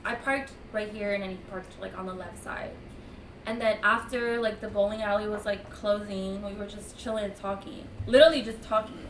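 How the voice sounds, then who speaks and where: A woman telling a story in casual chat, talking fast with lots of "like" and frequent laughter. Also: mid-range voice, steady tone. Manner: chatty, laughs often, peppered with "like". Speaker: streamer's girlfriend telling a story. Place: room at home. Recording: echoey room, mic at a distance, faint hiss.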